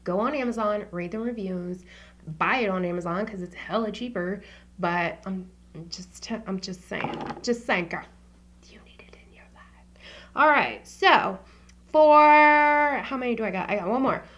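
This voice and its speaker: A woman's voice: medium pitch, normal speed, fairly bright tone, highs cut off, a little hiss or hum. A woman vlogging about her favorite beauty products in a casual, slangy chat, swearing freely and dropping into whispers for asides.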